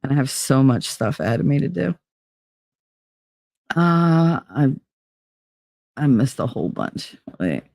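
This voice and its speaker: A woman's voice: a bass voice, unhurried, vocal fry, pauses often, no echo, clean studio sound. Blunt, rambling woman, sick with a cold. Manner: blunt, profane, animated storytelling. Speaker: livestream host. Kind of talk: casual rambling chat to viewers.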